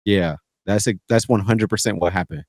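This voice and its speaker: A man co-hosting a casual podcast chat, animated, jumping from loud bursts to low mutters. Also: moderate pace, no room sound. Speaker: podcast co-host.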